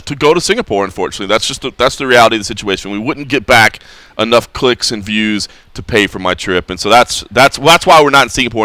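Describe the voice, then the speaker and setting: A man talking fast on a radio show, his voice crisp and bright. He rambles casually with many restarts. The studio sound is dry. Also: medium pitch, no echo. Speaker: co-host.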